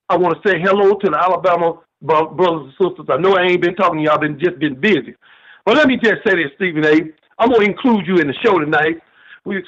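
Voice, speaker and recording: A man's voice: sits high, fairly bright tone, breathy edge. An older man with a Southern US accent calling in to a sports show, folksy and sermon-like, repeating "man". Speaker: caller. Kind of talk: phone-in preaching-style rant. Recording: muffled phone call.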